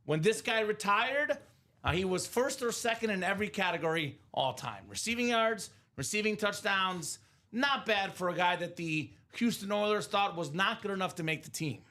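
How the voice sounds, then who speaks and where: A man with a high-pitched, expressive, pushed and bright voice speaks at a moderate pace while hosting a live card break. His upbeat stream commentary is enthusiastic sports banter about football players and hits.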